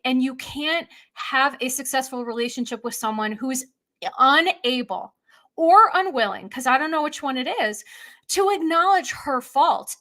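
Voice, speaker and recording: Bright, high-voiced woman therapist. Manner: analytical, emphatic. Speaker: therapist guest. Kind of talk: casual podcast chat.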